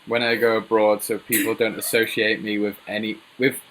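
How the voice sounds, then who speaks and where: A man's voice: on the low side, level tone, normal speed, a crowd in the background, poor audio. A man hosting a casual live Q&A stream, joking and rambling as he laughs at his own jokes. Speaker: livestream host.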